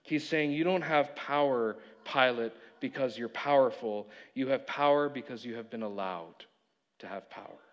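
A man preaching a sermon, retelling a story with animated delivery and acted-out quotes. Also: mid-range voice, normal speed. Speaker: pastor. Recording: dull audio with long hall reverb.

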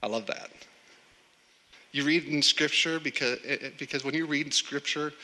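A man's voice: on the high side, steady tone, moderate pace, pushed and bright. A man preaching a sermon in a conversational way, often repeating words as he starts a sentence. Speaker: pastor. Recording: long hall reverb.

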